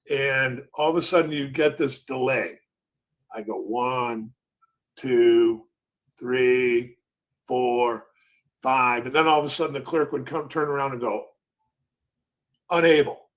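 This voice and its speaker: An older man hosting a trading show, telling loose, rambling stories and acting out the quotes of floor traders. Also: mid-range voice. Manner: rambling, acts out pit quotes. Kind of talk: casual storytelling.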